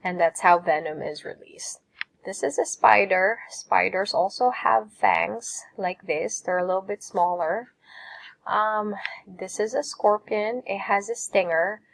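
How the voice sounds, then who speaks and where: A woman's voice: medium pitch, unhurried, vocal fry, low-quality recording. A woman teacher giving a recorded lesson, patiently saying words and asking students to repeat them.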